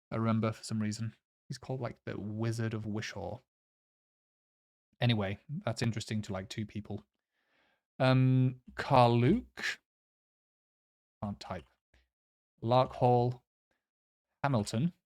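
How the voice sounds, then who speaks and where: Slow, hesitant man calling out town names. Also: on the low side, a little mellow. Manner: hesitant, many fillers, unsure pronunciations. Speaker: quiz player. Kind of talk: casual commentary while playing a map quiz.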